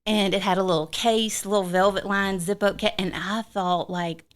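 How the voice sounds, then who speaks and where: A young adult woman from Mississippi with a Southern American accent, telling stories as a podcast guest in a chatty, lively way. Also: mid-range voice, normal speed. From Mississippi, USA. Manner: chatty storyteller, lively and laughing. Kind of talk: casual conversation.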